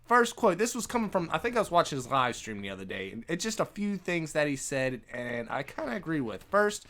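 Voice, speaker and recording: A man, a gaming YouTuber, ranting casually to his viewers in a loose, conversational way. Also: a little high. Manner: animated, conversational, lots of "man" and "you know".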